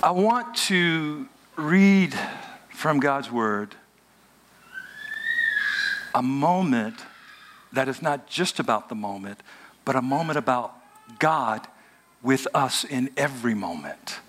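A man preaching a sermon as pastor, in an animated, humorous, conversational way. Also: mid-range voice, slow, long pauses, a little hiss or hum.

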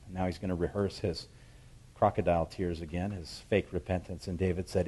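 A man delivers a sermon in a fairly low voice, telling the story in plain, lively talk. He jumps into the characters' voices, sometimes shouting their calls from a distance. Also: normal speed, husky. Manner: acts out scripture voices, shouting the calls across the hills. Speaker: preacher.

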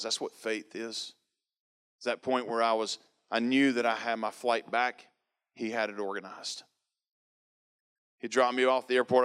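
Man, pastor, sermon testimony, emphatic repetitive storytelling, resonant voice, mid pitch. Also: fairly bright tone, clean tone.

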